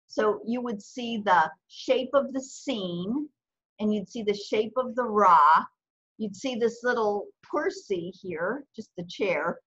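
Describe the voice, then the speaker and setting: Breathy woman teaching patiently. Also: mid-range voice, fairly bright tone. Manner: patient, explains step by step. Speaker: Arabic teacher. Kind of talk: online language lesson. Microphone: video call. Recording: muffled video call audio.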